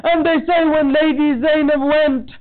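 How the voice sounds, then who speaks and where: A man delivers a mourning sermon in a very high, strained register, his narration swelling into a wailing, tearful chant. The recording is thin and tinny, as if heard over a phone line, with the low end cut away. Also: steady tone, unhurried. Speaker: majlis speaker. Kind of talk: mourning sermon with lamenting recitation. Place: community centre hall.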